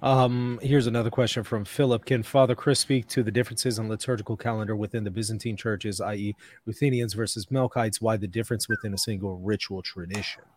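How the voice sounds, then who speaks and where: A man's voice: on the low side, fairly even intonation, a little fast, few pauses, a little mellow. A man co-hosting an interview, reading out listener questions plainly and briefly.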